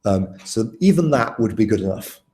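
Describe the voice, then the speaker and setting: A man's voice: fairly low pitch, animated, normal speed, warm tone. Casual young man tutoring, roomy sound. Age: young adult. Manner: casual, chatty, asks students questions. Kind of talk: live online tutoring session.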